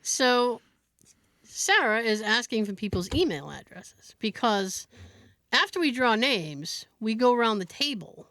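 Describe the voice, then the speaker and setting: A woman co-hosting a chatty podcast. She tells family stories with plenty of laughter. Her voice sits a little high and is recorded close and dry, with no room sound. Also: measured pace, no room sound. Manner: animated storyteller, laughs often, acts out quotes. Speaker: podcast co-host. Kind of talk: casual storytelling chat.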